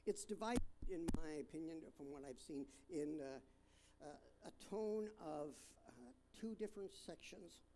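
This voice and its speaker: Slow, high-voiced male preacher. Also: warm tone, a little hiss or hum. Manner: slow, halting delivery with fillers and restarts; reads scripture aloud, stressing different words. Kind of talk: sermon.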